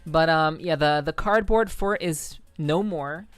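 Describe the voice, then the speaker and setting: A woman's voice: low voice, measured pace, clean tone, no room sound, soft background music. A young woman live streamer in casual chat with her viewers, rambling with frequent restarts.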